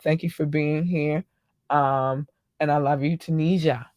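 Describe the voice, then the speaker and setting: A woman with a deep voice hosts her own podcast, speaking a little slowly with fairly even intonation in a dry, studio-quality recording. Alone at the mic, she chats casually and gushes effusive thanks and love in shout-outs to her listeners, using lots of ums and slang.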